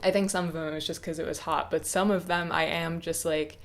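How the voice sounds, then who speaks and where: A young woman in her twenties talking to camera off the cuff, hesitant and reflective, with many pauses and restarts. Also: sits low, fairly even intonation. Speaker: YouTuber. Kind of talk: casual unscripted talk to camera.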